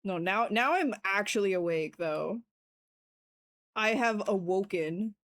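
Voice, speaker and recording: Excitable, bright-voiced woman streamer. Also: medium pitch, slow pace. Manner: excitable, bursts into shouts then apologizes; swears freely, playful trash talk. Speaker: livestreamer sculpting on stream. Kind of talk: casual live-stream chat.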